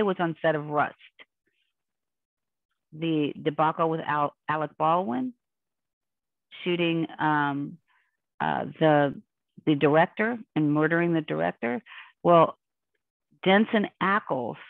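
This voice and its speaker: A woman's voice: low-pitched, gravelly, no echo. A woman guest in an interview, telling a personal story in an intense, rambling, emotional way over a remote call. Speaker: podcast guest. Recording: dry, tinny phone-line sound.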